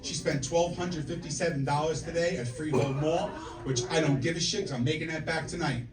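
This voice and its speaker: A comic in his forties, voice a little high and pace a little fast, tells punchy, profane stories in a brash stand-up set at a comedy club. The very noisy recording is echoey and distant, with the audience laughing.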